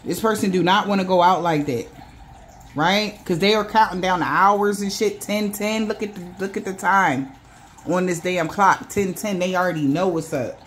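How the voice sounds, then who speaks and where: A woman's voice: fairly low pitch, moderate pace, a little hiss or hum. A woman giving a loose, casual tarot reading, swearing freely and acting out the voices of the people she describes. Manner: loose, profane, acts out quoted voices. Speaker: tarot reader.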